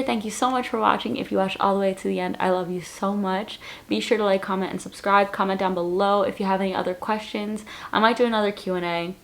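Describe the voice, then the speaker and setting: A woman's voice: mid-range voice, vocal fry, fairly bright tone. A woman in her late twenties, chatting casually in a Q&A vlog, rambling and repeating words, with lots of "like" as she answers viewers. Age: late 20s. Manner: answers viewer questions straight to camera. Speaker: vlogger.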